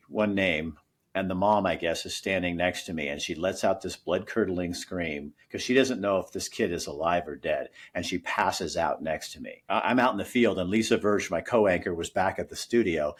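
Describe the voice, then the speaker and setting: A middle-aged man, a former news anchor, telling an emotional story in an earnest way as a guest in a conversation. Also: deep voice.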